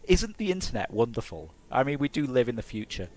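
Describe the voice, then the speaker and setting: A man's voice: medium pitch, big pitch swings, fairly quick, a little mellow. A man from Hertfordshire, England, a game developer chatting casually on a live stream in a rambling, self-mocking way.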